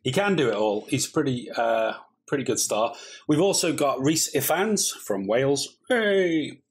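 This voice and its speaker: A man's voice: medium pitch, expressive, moderate pace, a little hiss or hum. A man co-hosting a film reaction chat, talking in a jokey, rambling way. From Britain. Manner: chatty, jokey, rambling asides. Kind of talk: casual chat.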